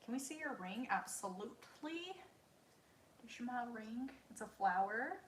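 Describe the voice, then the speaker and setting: A woman's voice: a little high, lively intonation, measured pace, echoey room, a little hiss or hum. A woman in her thirties hosting a casual live Q&A from home, chatty and self-deprecating, laughing often, on a wireless mic. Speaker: livestream host answering viewer questions. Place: room at home. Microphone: wireless mic with receiver.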